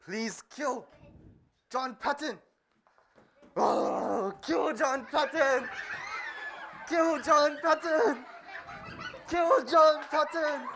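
A woman's voice: high voice, drawn-out words, creaky, long pauses, fairly bright tone, a faint crowd, slight background noise, exaggerated voice. A woman playing a menacing male witch doctor in a children's church skit, chanting curses.

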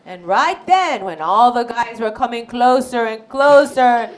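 A woman narrates a Bible story for children in a bright, high voice that swoops widely. She speaks slowly and expressively, stopping often to ask her listeners questions. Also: expressive.

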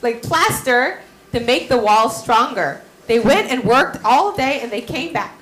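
Woman, children's Bible teacher, storytelling, high voice, echoey room. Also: unhurried. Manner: animated, asks the children questions.

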